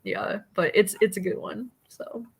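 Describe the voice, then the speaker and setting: A woman's voice: medium pitch, very animated, measured pace, slightly rough. A young woman hosting a casual live book chat over a video call, chatty and full of "like" and laughs. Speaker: host.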